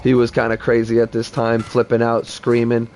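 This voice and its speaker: A man's voice: medium pitch, completely flat delivery, normal speed, darkish tone, slight background noise. Profane man streaming a game. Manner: blunt, profane, heated rambling. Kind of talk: casual gaming stream storytelling.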